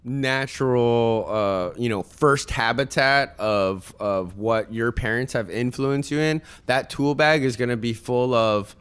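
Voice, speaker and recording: A man's voice: medium pitch, unhurried, few pauses, fairly bright tone, clean tone. A man who is a guest on a casual podcast, giving motivational parenting advice and telling family stories in an earnest, direct way. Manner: tells stories and acts out other people's voices.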